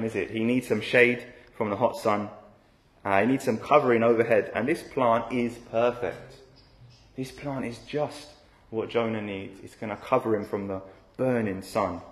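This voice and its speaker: A man with a fairly low voice delivers an expository sermon conversationally, frequently adding rhetorical questions to his points. The audio sounds roomy.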